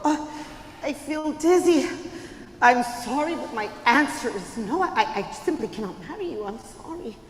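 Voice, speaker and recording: A flirty, picky cockroach bride, as a woman puts her on, with a high, swooping voice. She talks in a sing-song and is easily flustered. It echoes around a big hall. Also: animated, normal speed. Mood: apologetic. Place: live show in a church hall. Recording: echoey hall, faint room noise.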